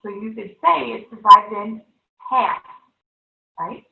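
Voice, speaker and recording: Upbeat and coaxing, a third-grade teacher leads a televised math lesson for young students, checking in with the class again and again. Her medium-pitched voice has vocal fry and a slow pace, and it sounds distant, echoey and thin, like a phone line.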